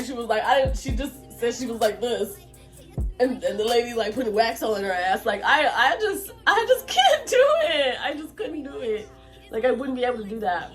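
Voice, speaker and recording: Lively, animated woman vlogger. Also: fairly high pitch. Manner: animated, laughing often, many restarts. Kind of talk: casual storytelling to camera.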